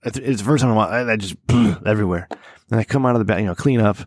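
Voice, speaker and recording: Middle-aged male podcast host, hoarse and low, swears freely, dry close sound. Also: fast talker, no echo. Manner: rambling storyteller, swears a lot, laughs at himself. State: hoarse, sore throat. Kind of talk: casual podcast chat.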